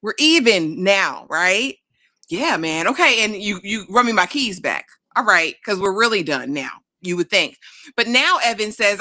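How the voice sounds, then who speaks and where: A woman co-hosting a casual TV recap, telling the plot in a sassy, animated way. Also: mid-range voice, a little slow. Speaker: TV recap co-host.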